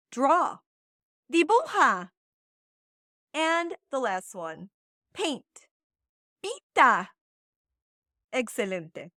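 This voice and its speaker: A woman's voice: on the high side, fairly bright tone, dry recording, clean studio sound. A woman hosting a podcast, chatting in a bubbly, encouraging way and teaching short Spanish phrases. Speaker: podcast host. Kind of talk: casual chat.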